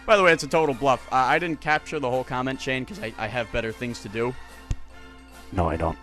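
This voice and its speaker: Talking fast in a mid-range voice with faint music behind him, a man reacts to online comments in a casual video, reading them out and mocking them with sarcasm, exasperation and profanity. He chuckles, stammers and restarts, and his volume swings from loud to muttered.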